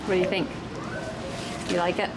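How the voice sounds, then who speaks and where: A woman's voice: lowish voice, little pitch movement, moderate pace. A mother from Florida chatting casually to camera in a family vlog, giggly and easygoing. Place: at home and in a car. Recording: noticeable background noise.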